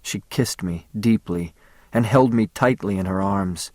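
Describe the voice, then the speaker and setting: A man narrating a story in the first person, in a measured, intimate audiobook reading. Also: fairly low pitch, a little mellow, no room sound, studio quality.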